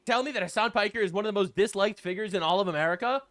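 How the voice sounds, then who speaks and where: A man's voice: high-pitched, rapid-fire, a bit bright. A man hosting a political reaction commentary show, talking in a sarcastic, crude, mocking way. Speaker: show host.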